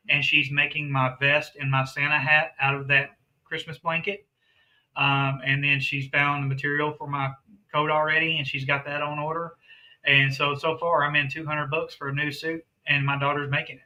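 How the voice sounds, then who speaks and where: Bright-voiced man telling an easygoing story. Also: fairly high pitch, poor audio. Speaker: guest. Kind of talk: casual interview chat.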